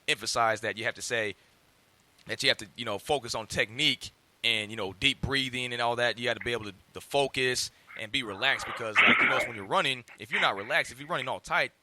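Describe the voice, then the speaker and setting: A man's voice: medium pitch, sharp tone. A man hosting a casual interview, talking loosely with many fillers. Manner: fast, loose talk full of fillers.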